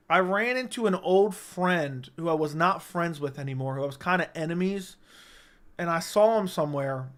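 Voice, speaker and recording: A man's voice: a little high, fairly bright tone. A young man hosting a casual livestream, telling stories animatedly with frequent swearing and "right?" asides. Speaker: livestream host.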